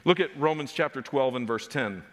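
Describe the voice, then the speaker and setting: Preacher in an echoing hall. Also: male voice, mid-range voice, animated, normal speed. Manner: preaching with rising emphatic points. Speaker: pastor. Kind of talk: sermon. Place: church sanctuary.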